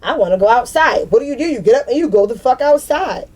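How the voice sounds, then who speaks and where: A spiritual vlogger in her thirties vents to the camera in an unscripted monologue, blunt and profane, repeating herself for emphasis. Her voice is a little high and a little mellow, with lively intonation and a quick pace.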